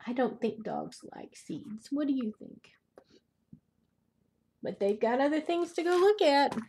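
An older grandmother reads a picture book aloud to children. Her voice sits a little high, and she takes her time. She stops often to chat and to ask the little listeners questions. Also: lively intonation, measured pace, creaky. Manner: gentle, chatty, asks the young listeners questions. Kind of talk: storybook read-aloud for children.

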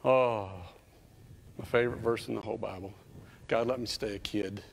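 A man's voice: on the low side, steady tone, moderate pace, creaky, slight background noise. A man in his fifties preaching a sermon as a children's pastor, emphatic and repetitive, building in intensity. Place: church stage. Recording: reverberant church hall.

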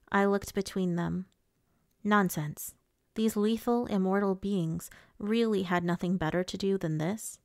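A woman narrating a first-person audiobook in a measured, steady way. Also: medium pitch, no room sound, studio quality.

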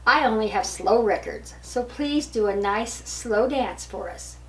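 An older woman reading a storybook aloud, voicing a kindly old female bear who speaks in a soft, soothing way. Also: fairly high pitch, expressive, measured pace. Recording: distant mic with faint hiss.

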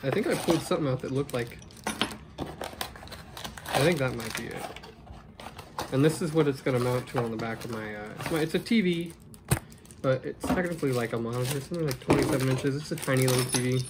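Casual male vlogger, frustrated DIY talk, plain middle pitch, noisy home recording. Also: brisk, pauses often. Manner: casual, frustrated muttering to himself as he works. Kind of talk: casual chat while assembling gear. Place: room at home. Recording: noisy room sound.

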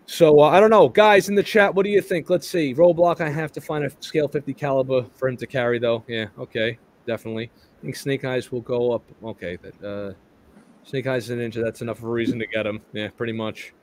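A man's voice: mid-range voice, fairly even intonation, fairly quick. A man hosting a live toy chat stream, talking casually with lots of restarts and stumbles and some casual swearing.

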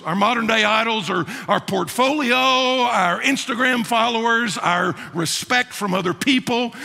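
A man preaching a sermon as pastor, animated, with joking asides and mock voices for the figures he quotes. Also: sits high, gravelly, husky. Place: church sanctuary. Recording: reverberant church sanctuary.

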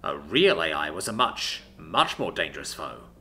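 Bright, animated male storyteller. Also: very deep voice, moderate pace. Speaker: story narrator. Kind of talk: scripted audiobook narration.

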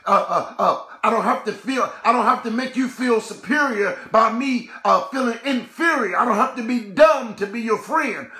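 A man preaching a sermon in a rhythmic call-and-response style, breaking into shouts. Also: high voice, echoey room.

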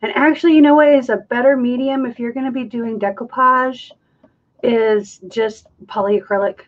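This woman's voice sits on the high side, with fairly even intonation at a normal pace. Hosting a live acrylic pouring stream, she talks casually and thinks aloud while mixing and counting, captured with lo-fi sound.

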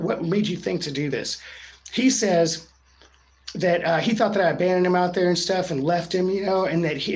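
A man's voice: a little high, slight background noise, low-quality recording. A man vlogging, telling a story in a casual, slangy, laid-back way and saying "dude" a lot. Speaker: vlogger treasure hunter.

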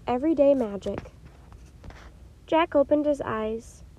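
A woman reading a children's chapter book aloud in a gentle, unhurried storytelling way, with a few small slips. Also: high-pitched, dull audio, a little hiss or hum. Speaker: storytime reader.

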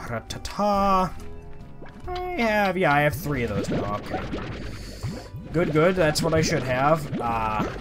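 Brief: young male gaming YouTuber, playful commentary, animated and slightly high delivery, faint music underneath. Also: measured pace. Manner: playful, chatty, talks to the game creatures, mild swearing. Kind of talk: casual let's-play commentary.

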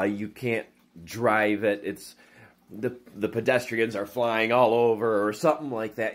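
Exasperated man ranting about games. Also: mid-range voice. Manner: animated, exasperated, with frequent restarts. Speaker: gaming YouTuber. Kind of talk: casual rant to camera.

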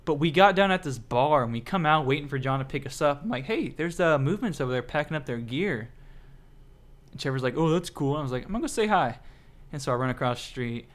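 A man's voice: medium pitch, fast talker. A man hosting a casual late-night podcast, rambling through stories and acting out quotes. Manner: rambling storyteller, acts out quotes. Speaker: podcast host.

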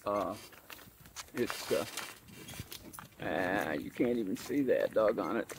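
A man's voice: on the low side, expressive, slow. A man training donkeys talks casually in a folksy way while driving them outdoors on a cart. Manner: folksy, mild exclamations, calls out to animals. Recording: outdoor noise with animals and vehicles.

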